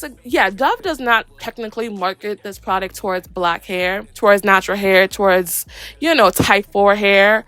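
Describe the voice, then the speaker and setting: Chatty, sassy woman with a high voice. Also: fairly bright tone, dry recording. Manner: chatty, playful, sassy slang. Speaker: hair care vlogger. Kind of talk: casual voice-over tutorial.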